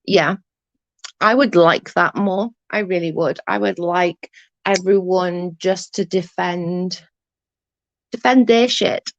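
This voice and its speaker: Gravelly sweary English woman streamer. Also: lowish voice, slow, no room sound. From England. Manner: blunt, sweary, chatty. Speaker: livestream host. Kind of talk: casual live chat reading comments. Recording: dull dry lo-fi stream audio.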